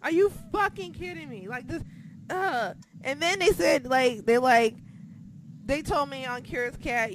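A woman's voice: sits high, moderate pace, slight background noise. A woman co-hosting a casual wrestling podcast, blunt and heavily profane as she rants about the show and her critics. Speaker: podcast co-host.

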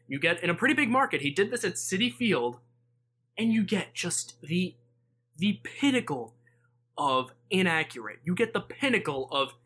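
A man's voice: a little high, sharp tone. A man co-hosting a sports podcast, chatting casually and telling jokey stories with mock-analytical flair. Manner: joking, mock-analytical, storytelling. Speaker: podcast co-host.

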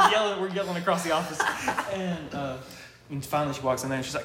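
A man of middle pitch who rattles off stories at a brisk clip. He swears casually as he talks. His voice rings in an echoey room. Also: crowd noise. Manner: quick, animated, profane anecdote telling. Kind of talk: casual chat.

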